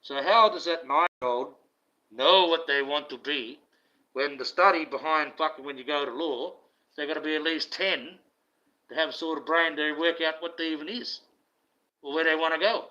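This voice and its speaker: A man's voice: a little high, moderate pace, sharp tone. A man, a self-styled online preacher, delivering a blunt, profane, indignant rant. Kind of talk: ranting monologue. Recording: dull lo-fi recording.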